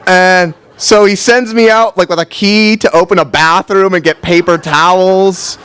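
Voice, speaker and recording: A man's voice: sits high, fairly even intonation, fairly bright tone, clean tone, some chatter behind. Chatty man telling a story on stage. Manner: casual, quick and chatty, leans on "like". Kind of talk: live first-person storytelling. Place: storytelling event stage before a crowd.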